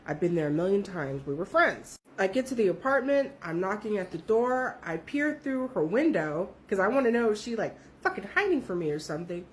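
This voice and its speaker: A woman telling a story in a casual, profane, animated way, with her voice jumping up when she quotes people. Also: a little hiss or hum. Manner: animated, profane, jumps high when quoting others.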